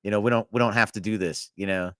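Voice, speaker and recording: Rambling, low-voiced man telling stories. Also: fairly even intonation, fast talker, bright, forceful tone, clean tone, no echo, clean studio sound. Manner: rambling anecdotes with frequent laughs and profanity. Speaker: podcast co-host. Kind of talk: casual storytelling chat.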